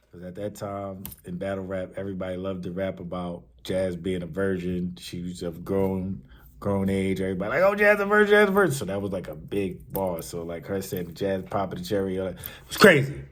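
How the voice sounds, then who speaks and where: A man hosting a podcast, giving casual, hyped-up commentary on battle rap that swings from shouts to murmurs. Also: low voice, fairly even intonation, fairly quick, slight background noise. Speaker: podcast host.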